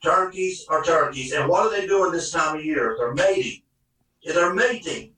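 A man telling a hunting story in a folksy, animated way, recorded in an echoey room with the mic at a distance. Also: fairly high pitch, normal speed. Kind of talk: casual storytelling.

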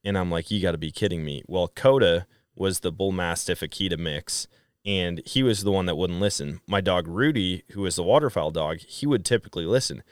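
A middle-aged man from Wisconsin, a podcast guest who tells stories in a casual, animated way and acts out quoted dialogue. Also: low-pitched, brisk, clear, resonant tone, dry recording, clean studio sound. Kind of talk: casual storytelling chat.

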